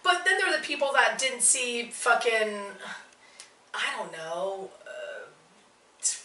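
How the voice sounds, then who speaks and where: A woman's voice: a little high, sing-song, takes it slowly, pushed and bright, a little hiss or hum. A woman co-hosting a podcast in casual chat, sassy and blunt, swearing freely. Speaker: podcast co-host. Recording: roomy, distant from the mic.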